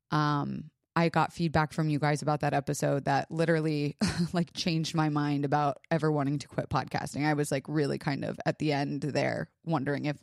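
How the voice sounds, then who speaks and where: Low, slow-spoken woman fighting back tears. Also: dry recording, clean studio sound. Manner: halting, emotional, near tears, many pauses and fillers. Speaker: podcast host. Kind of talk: personal monologue.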